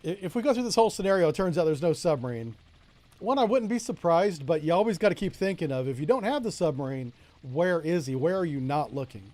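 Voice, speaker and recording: A man's voice: on the high side, animated, fast, darkish tone. A middle-aged man from Florida with a Florida accent, chatting and joking with viewers while commentating on a naval strategy game. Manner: chatty, joking asides, talks to chat. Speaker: streamer. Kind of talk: casual gameplay commentary.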